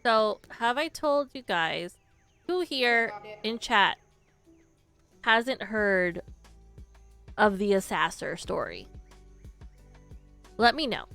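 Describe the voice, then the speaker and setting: A young woman streams from home and talks easily to her chat, spinning a story with frequent giggles. Her voice is smooth and clear at a middle pitch. Faint music plays quietly behind her. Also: very animated, slow pace, long pauses. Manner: chatty storyteller, giggles often. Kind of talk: casual chat with live chat. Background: faint background music.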